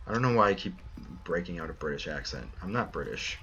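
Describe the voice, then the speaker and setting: A man's voice: deep voice, lively intonation, fast, bright, forceful tone, dull audio, a little hiss or hum. Man musing aloud over gameplay. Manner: muses aloud, thinking through choices. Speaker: streamer. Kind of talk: casual gameplay commentary.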